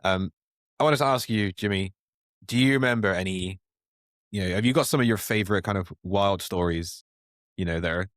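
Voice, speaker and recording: Male host, very low voice, quick delivery, loose and friendly questions. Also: fairly bright tone, no echo, studio quality. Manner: asks rambling friendly questions full of fillers. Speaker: interview host. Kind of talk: casual interview questions.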